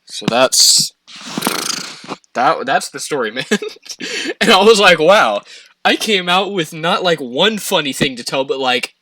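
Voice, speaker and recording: A young man casually telling a story on a podcast, animated and profane, laughing as he goes. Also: a little high, measured pace, slight background noise.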